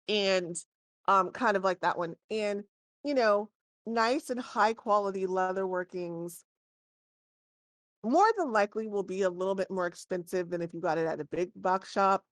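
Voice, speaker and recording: A woman's voice: medium pitch, dry recording, clean studio sound. A woman running a tabletop game as dungeon master, thinking aloud as she describes the scene.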